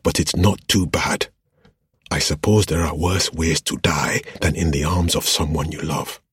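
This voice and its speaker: A man voicing a badly wounded young man who speaks quietly, weary and resigned. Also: a bass voice, fairly even intonation, a little slow, slightly rough, dry recording, studio quality, heavily acted. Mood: weak.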